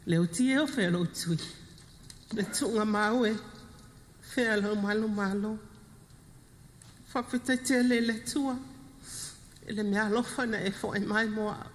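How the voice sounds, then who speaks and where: A middle-aged Samoan-accented woman speaks at a funeral in halting, heartfelt fragments, moving slowly from one short phrase to the next. Her voice carries a long reverb that rings through the service hall. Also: medium pitch, a little hiss or hum. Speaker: widow of the deceased. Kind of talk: funeral eulogy.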